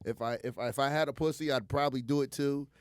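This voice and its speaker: A man's voice: medium pitch, fast talker, clear, resonant tone, dry recording, studio quality. A man co-hosting a podcast in casual chat, telling crude, joking confessions. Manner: animated, crude, joking storyteller. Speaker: podcast co-host.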